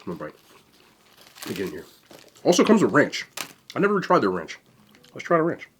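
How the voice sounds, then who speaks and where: A young man hosts a casual food vlog, talking fast and excitedly to the camera between bites. His voice is a little husky, pitched in the middle range. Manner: fast, excited talk to camera while eating. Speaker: food vlogger.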